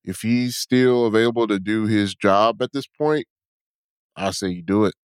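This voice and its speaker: A man co-hosting a sports talk show, speaking in a measured, hesitant way. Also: on the low side, smooth, dry recording, studio quality.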